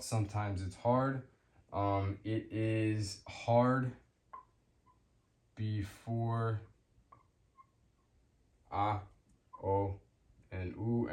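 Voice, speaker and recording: A man giving a casual spoken language lesson, hesitant with many fillers, repeating example words slowly. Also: lowish voice, a little mellow, roomy sound, slight background noise. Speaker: language teacher.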